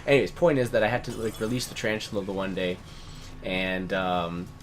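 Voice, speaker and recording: A man's voice: low-pitched, flat delivery, a little fast, a little hiss or hum. A man co-hosting a let's play, telling a rambling story in casual chat, swearing and laughing often.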